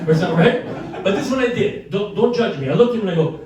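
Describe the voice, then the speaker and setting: A man's voice: high-pitched, lively intonation, very fast, dark tone. An older man doing brash, profane stand-up storytelling, laughing through his lines. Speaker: stand-up comedian. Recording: echoey room from far off.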